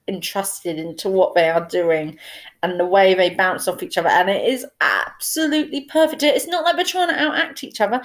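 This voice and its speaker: A young woman chatting casually through a film review, enthusiastic, with many fillers and restarts. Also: on the low side.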